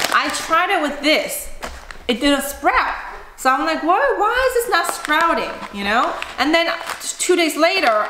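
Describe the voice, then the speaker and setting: A chatty woman vlogger with a slightly high voice, demonstrating food and talking straight to her viewers. Her home kitchen rings with echo, with a faint hiss underneath. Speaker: cooking vlogger. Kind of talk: casual chat to camera. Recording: echoey room, faint noise.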